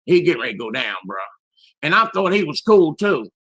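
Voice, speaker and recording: A man in his sixties with a raspy, hoarse voice calls in to a panel show and talks bluntly and with lots of swearing. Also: a little high, big pitch swings, fairly quick, fairly bright tone, no echo. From Philadelphia area, US. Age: 60s. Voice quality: raspy, strained voice. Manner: blunt, profane, emphatic. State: hoarse after illness. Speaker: caller on a live panel show. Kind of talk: casual call-in talk.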